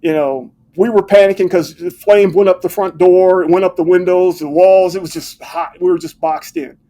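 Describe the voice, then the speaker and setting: An older American man with a notably high-pitched voice spins stories in a relaxed interview. He is animated and keeps slipping into the voices of the people he remembers. The talk is casual and full of little fillers. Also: normal speed. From United States. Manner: animated storyteller who acts out quoted dialogue. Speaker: retired fire captain, guest.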